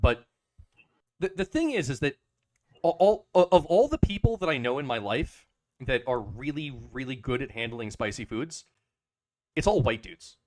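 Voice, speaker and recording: A man's voice: mid-range voice, very animated, normal speed, long pauses, a little mellow, dry recording. A man co-hosting a casual podcast, rambling with lots of hesitations and restarts. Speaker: podcast co-host. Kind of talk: casual chat.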